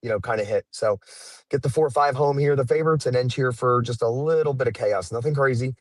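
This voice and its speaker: A man co-hosting a casual horse racing betting chat, easygoing and relaxed as he runs through his ticket. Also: medium pitch, fairly quick, no room sound. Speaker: co-host handicapper.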